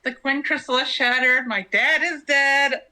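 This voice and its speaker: A woman's voice: sits high, steady tone, measured pace, bright, forceful tone, voice pushed up, heavily acted. A woman voicing an earnest, worried young princess in a game playthrough, reading with dramatic weight.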